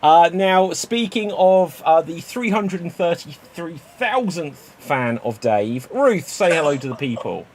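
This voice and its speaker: A man's voice: a little high, lively intonation, a little slow, hardly any pauses, slight background noise. Upbeat man hosting an improv stream. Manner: upbeat, playful, jokey banter. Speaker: improv show host. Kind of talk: live-streamed comedy hosting. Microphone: webcam mic on a video call.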